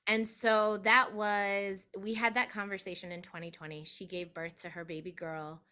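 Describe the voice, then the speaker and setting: A woman guest, a doula, telling a personal story in a chatty, animated interview manner. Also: unhurried, few pauses. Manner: animated, acts out quoted voices with big pitch jumps.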